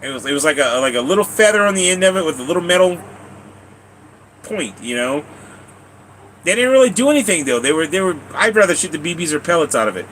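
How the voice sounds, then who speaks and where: A man's voice: fairly high pitch, lively intonation, quick pace, fairly bright tone, a little hiss or hum, poor audio. A man live streaming, telling long rambling stories to his chat, repeating himself, laughing and swearing casually.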